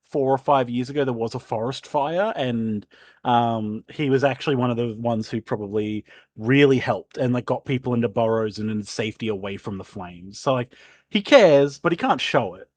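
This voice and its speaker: A man's voice: medium pitch, moderate pace, darkish tone. A man narrating as game master in a casual, rambling way with many fillers.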